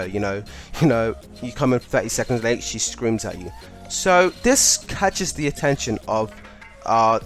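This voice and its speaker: A young man casually telling a funny school story, laughing as he goes. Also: mid-range voice. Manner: chatty, laughing, lots of "like".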